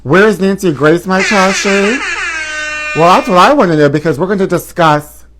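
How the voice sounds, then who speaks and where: A man's voice: high-pitched, animated, moderate pace, background noise. A man in his forties hosting a live gossip talk show, flamboyant and sassy, calling his viewers honey. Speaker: host.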